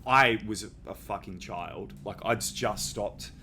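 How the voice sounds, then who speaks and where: A man's voice: on the low side, slow, pushed and bright, faint music behind. A young man who hosts a podcast. He tells a personal story in a candid, casual way and swears freely. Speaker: podcast host.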